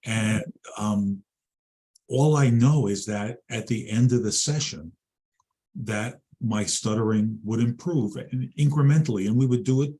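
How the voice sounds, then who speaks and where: A middle-aged man, a guest in an interview, talking in a measured way with frequent ums and pauses. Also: lowish voice, mellow, breathy edge. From Long Island, New York. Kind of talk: interview conversation.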